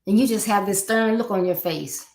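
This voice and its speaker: A woman's voice: mid-range voice, normal speed, darkish tone. A woman hosting a podcast, giving an earnest, conversational motivational talk on parenting and asking rhetorical questions. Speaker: podcast host. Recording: roomy echo.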